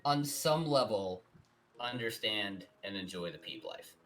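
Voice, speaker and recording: Wry man with lively pitch. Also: measured pace, slight background noise. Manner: dry, wry quips. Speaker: guest. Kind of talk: casual comedic chat.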